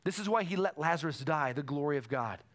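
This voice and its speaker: Man, pastor, sermon, fairly high voice, very lively pitch, emphatic, repeats phrases, church congregation. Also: fast talker.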